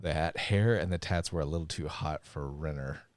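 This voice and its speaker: A man co-hosting a live podcast in casual chat, joking and animated, swearing freely. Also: a bass voice, normal speed, no echo, studio quality. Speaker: podcast co-host.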